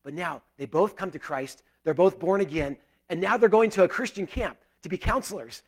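A middle-aged man delivers a sermon in an earnest, conversational way. His voice sits a little high, and he swings from loud, excited bursts down to soft, prayerful murmurs. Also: moderate pace, husky. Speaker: pastor.

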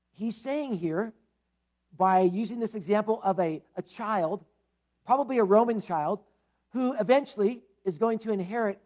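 A man's voice: high-pitched, darkish tone. A man, the pastor, giving a conversational sermon with prayer and a scripture reading, talking with fillers and casual asides.

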